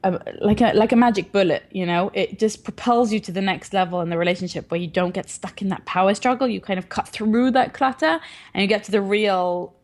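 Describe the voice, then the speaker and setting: A woman's voice: mid-range voice, a little fast, a little mellow. A woman in her thirties, a parenting advocate, talking earnestly and reflectively in a casual interview. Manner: earnest, reflective, laughs often.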